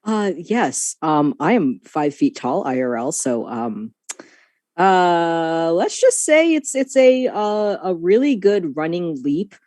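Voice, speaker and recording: Slow, hesitant woman player. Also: fairly low pitch, sing-song, a little mellow, no echo, studio quality. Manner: hesitant, laughing, lots of fillers. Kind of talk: casual tabletop play.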